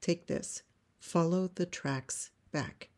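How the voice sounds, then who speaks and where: A woman's voice: fairly low pitch, slow pace, darkish tone. A woman voicing a regretful father sending a girl away.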